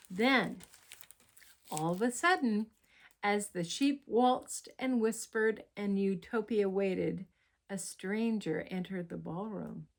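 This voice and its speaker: A woman reading a picture book aloud in an expressive, unhurried storytelling manner, with soft asides to the listener. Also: medium pitch. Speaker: storybook reader.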